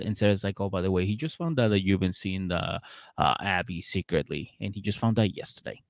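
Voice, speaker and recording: Male podcast co-host, low and gravelly, dry studio sound, profane storyteller who acts out the quotes. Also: normal speed, no echo. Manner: profane storytelling that acts out other people's lines. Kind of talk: casual chat recapping a reality show.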